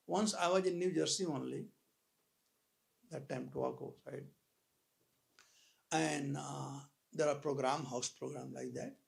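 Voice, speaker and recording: A man giving a live spiritual talk, telling stories with dramatic pauses and sudden swells in volume. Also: high-pitched, vocal fry. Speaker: spiritual speaker. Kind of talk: sermon with anecdote.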